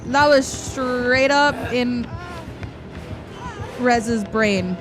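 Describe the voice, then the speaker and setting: A young woman chats slowly and a little high while she streams a game, answering her viewers and laughing easily. Soft music plays faintly underneath her voice. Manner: chatty, reads out and answers chat, laughs often. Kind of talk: casual live-stream chat while gaming. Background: soft background music.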